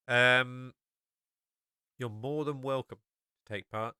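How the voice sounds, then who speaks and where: Guy hosting his podcast, bright clear voice, lots of ums, dry close sound. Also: mid-range voice, steady tone, slow, no echo. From England. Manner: rambling, many fillers and restarts. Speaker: podcast host. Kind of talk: casual solo podcast talk.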